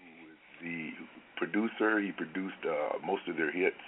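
A man, a guest singer, talking in a casual phone interview, halting with many fillers and restarts. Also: sits low. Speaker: guest singer and tribute performer. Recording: phone line with faint noise.

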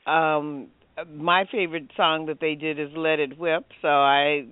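A woman's voice: low voice, fairly even intonation, measured pace, clean tone, no room sound. A woman co-hosting a radio talk show, plain-spoken and friendly in casual chat. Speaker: radio co-host. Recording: dry, phone-like narrow sound.

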